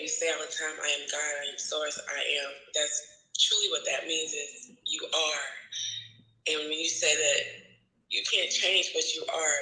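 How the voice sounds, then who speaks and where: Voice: medium pitch, pushed and bright, echoey room, rough recording. A student in a spiritual talk, reflecting thoughtfully and searching for words. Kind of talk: reflective conversation.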